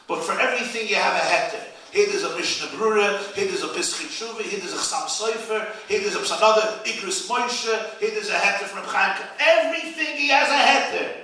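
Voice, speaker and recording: Man, rabbi, high bright voice, animated storytelling, booming echo, distant mic. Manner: animated, rising to loud peaks, Yiddish phrases. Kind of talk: inspirational speech with storytelling. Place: event hall. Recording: echoey hall, speaker far from the mic.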